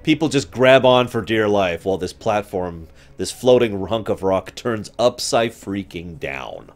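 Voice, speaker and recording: A man chatting through a game playthrough, self-deprecating and quick to laugh. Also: on the low side, animated, soft background music. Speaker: gamer commentator. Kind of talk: let's-play commentary.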